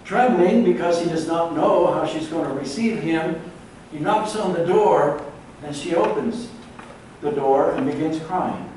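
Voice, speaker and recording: A man, preaching a sermon as pastor and telling a story in a measured, earnest way. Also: on the high side, a little mellow, slight background noise. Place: large church hall. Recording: echoey church recorded from far off.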